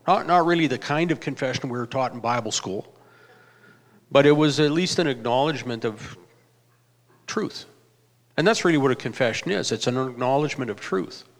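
A pastor in his fifties telling a personal testimony in a halting, reflective way, often restarting his sentences. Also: mid-range voice, fairly bright tone. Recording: reverberant hall.

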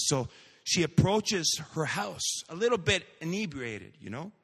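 A man's voice: fairly high pitch, big pitch swings, measured pace, gravelly, a bit bright, husky, big-room sound. A male pastor preaching a sermon, telling a story and building to fervent proclamations.

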